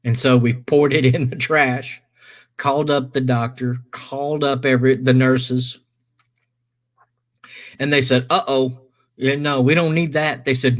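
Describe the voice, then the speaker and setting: A middle-aged man casually telling a personal story, animated, swearing and quoting others in his own voice. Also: medium pitch, a little slow, long pauses.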